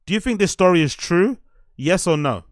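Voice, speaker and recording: A man's voice: high-pitched, animated, normal speed, dry recording, studio quality. A man streaming casually, rambling and repeating himself as he quizzes his chat. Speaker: streamer reacting to clips.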